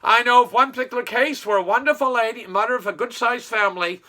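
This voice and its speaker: A man's voice: very high-pitched, fast talker, bright, forceful tone. A man giving a sarcastic, opinionated political commentary monologue. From Nova Scotia. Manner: sarcastic, mocking storytelling. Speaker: online commentator.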